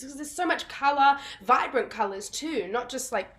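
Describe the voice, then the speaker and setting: A woman's voice: high-pitched, expressive, moderate pace, sharp tone. A young woman, a theatre actress telling stories in a casual interview over a video call, bubbly and laughing often. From Australia. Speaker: guest, musical theatre actress.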